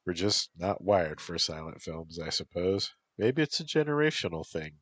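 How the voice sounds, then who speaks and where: A man's voice: low voice, big pitch swings, normal speed, a bit bright, dry recording. A man reading a first-person story aloud as a wry college woman narrator. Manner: dry, wry asides. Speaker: story reader.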